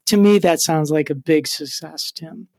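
A man's voice: a little high, measured pace, creaky, a little mellow, no echo, clean studio sound. A man hosting an interview, asking questions and affirming his guest. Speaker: interview host. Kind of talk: conversational interview.

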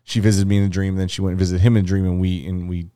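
A man's voice: sits low, level tone, very fast, dark tone, clear, resonant tone. A young adult man co-hosting a podcast, telling a long, profane story in a casual chat and acting out the quotes. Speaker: podcast co-host.

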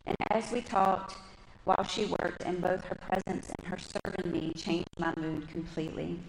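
A woman with a low voice and a gravelly edge gives a lively, conversational testimony at a women's church gathering. She tells her stories chattily to a live audience. The sound is roomy and echoey, with a faint hum behind her. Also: moderate pace. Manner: lively, chatty storytelling, talks with her hands. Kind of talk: personal testimony and scripture teaching. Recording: echoey room with faint background noise.

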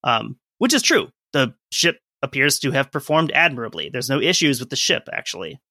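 Bright forceful guy on a history podcast, chatty explainer, dry close mic. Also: medium pitch, expressive, fairly quick, gravelly, no room sound. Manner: conversational, explains and reads from sources with asides. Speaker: podcast co-host. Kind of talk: casual history podcast chat.

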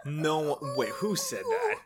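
Brief: male podcast co-host, casual and profane, easily flustered, voice sits a bit high. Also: wildly swooping pitch, a little slow. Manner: swears freely, flustered and laughing.

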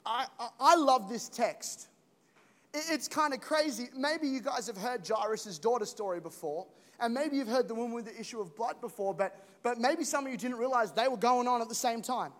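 A man preaching a sermon, animated and playful, acting out the stories as he goes. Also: very high-pitched, moderate pace. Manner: animated, playful, acts out stories, repeats words. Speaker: pastor. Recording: long reverb of a large hall.

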